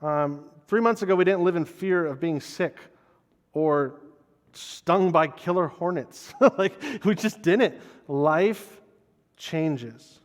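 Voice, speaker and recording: Speaking a little slowly in a voice that sits high, a pastor gives an earnest, personal sermon in a conversational style within a large hall. He tends to repeat words whenever he restarts a thought.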